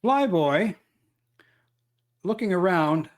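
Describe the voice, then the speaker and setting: A man running a tabletop role-playing game as game master, describing the action with frequent pauses and fillers. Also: sits high, expressive. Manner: measured, thinking aloud with fillers.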